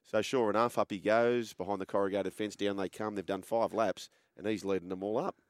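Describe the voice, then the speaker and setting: An Australian man hosting a sports chat, telling stories in a relaxed, animated way. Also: lowish voice, a little fast, smooth, no echo. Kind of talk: casual chat, storytelling.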